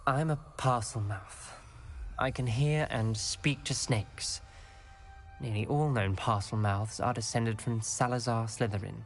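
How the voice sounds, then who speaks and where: A man's voice: mid-range voice, soft background music, close to an everyday voice. Ominis, a man voicing a wary young wizard. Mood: solemn. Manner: measured, formal and guarded. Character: reserved, wary young male wizard student. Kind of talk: video game dialogue.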